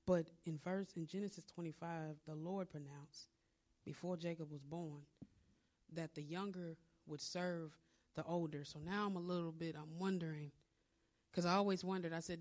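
A woman's voice: deep voice, steady tone, moderate pace, darkish tone. A woman preacher giving a conversational, story-driven sermon, retelling a scripture story with asides.

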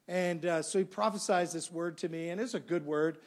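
A man's voice: fairly high pitch, brisk. A middle-aged male pastor preaching a sermon, telling a story and acting out the dialogue. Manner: animated storyteller, acts out dialogue.

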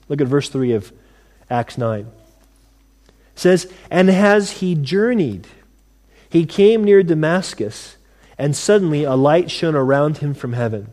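Animated male preacher, higher voice. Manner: animated preaching, acting out scripture voices, drops to quiet asides. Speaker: pastor. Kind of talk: sermon.

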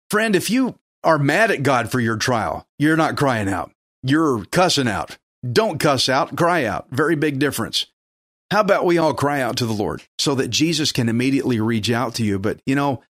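A man's voice: medium pitch, no room sound, clean studio sound. A man preaching a sermon in an urgent, emphatic, exhorting way.

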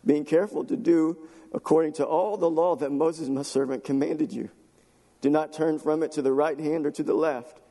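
A man's voice: on the high side, warm tone. Man preaching in an echoing church hall. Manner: emotional preaching, building to fervent emphasis. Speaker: pastor. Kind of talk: sermon. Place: church sanctuary.

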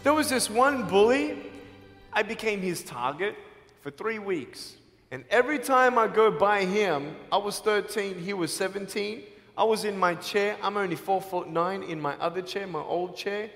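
An Australian man in his thirties giving an animated, jokey motivational speech and acting out the dialogue in his stories. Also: high voice, moderate pace, faint music behind. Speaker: motivational speaker. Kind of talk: stage speech with storytelling. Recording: reverberant large hall.

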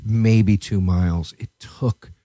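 A man hosting a podcast, telling a rambling, profane story in a casual chat and jumping to a high, excited voice at times. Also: takes it slowly, dry recording, clean studio sound. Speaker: podcast host.

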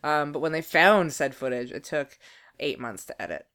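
Smooth-voiced woman podcaster. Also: low voice, sing-song, moderate pace, fairly bright tone. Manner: joking, quizzing, playful. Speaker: podcast co-host. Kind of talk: casual chat.

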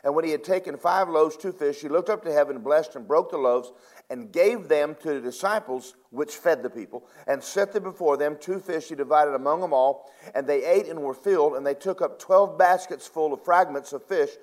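A man with a fairly high-pitched voice preaches a sermon, retelling scripture in casual paraphrase. He alternates emphatic loud bursts with quiet, drawn-out asides.

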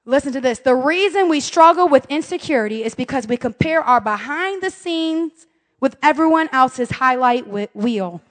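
A high-voiced woman preaches a sermon. She keeps it chatty and funny, acting out scripture voices and her family's quarrels. Her voice rings with the long reverb of a church hall. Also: animated, normal speed, fairly bright tone. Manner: humorous, conversational preaching with laughs and asides. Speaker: pastor.

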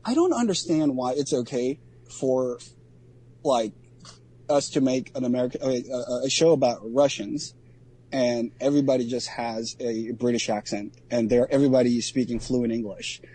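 A man co-hosting a podcast, talking casually in a halting way with many ums and restarts. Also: medium pitch, warm tone, husky. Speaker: podcast co-host.

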